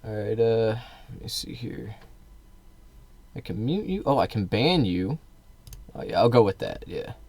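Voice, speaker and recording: A man's voice: fairly low pitch, very animated, unhurried, gravelly, pauses often, a little mellow. A man streaming live, arguing with his chat in a combative, sarcastic, profane way. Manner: sarcastic, mocking. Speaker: livestreamer.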